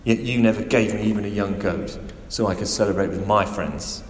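A man's voice: medium pitch, normal speed, vocal fry, slight background noise, lightly acted. A male preacher voicing a resentful, dutiful older brother who complains bitterly, with echoey hall reverb.

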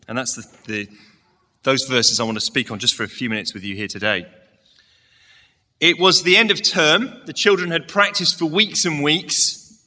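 A man's voice: on the high side, normal speed, sharp tone. A man giving a sermon to a church congregation, telling a story and asking the listeners direct questions. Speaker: preacher. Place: church service, large hall. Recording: long hall reverb.

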